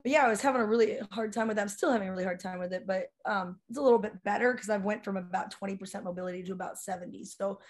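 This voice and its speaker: A woman from South Dakota, a rock singer, telling stories as a guest in a casual, animated way, with lots of "like" fillers. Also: medium pitch, racing, hardly any pauses. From South Dakota, USA. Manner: animated, chatty, many "like" fillers. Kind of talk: casual storytelling in conversation.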